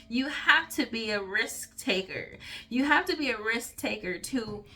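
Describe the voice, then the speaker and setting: A woman with a bright, keen voice pitched a little high gives a casual intuitive reading. She rambles and restarts, filling with "like" and checking in with "okay?". Faint music plays behind her. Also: animated, takes it slowly. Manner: chatty, rambling, fills with "like" and "okay?". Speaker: intuitive reader. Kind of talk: casual channeled reading to camera.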